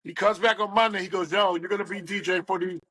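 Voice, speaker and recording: Quick and husky with a high voice, the speaker comes through on a rough recording with no echo. As a guest in a storytelling interview, this middle-aged West Virginia radio DJ spins animated tales, voicing the people in them.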